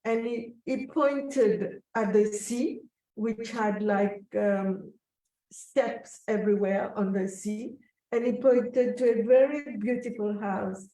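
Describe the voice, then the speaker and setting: A woman telling a personal story in an interview, slow, reflective and emotional. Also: medium pitch, fairly even intonation, warm tone. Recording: echoey room, voice from a distance.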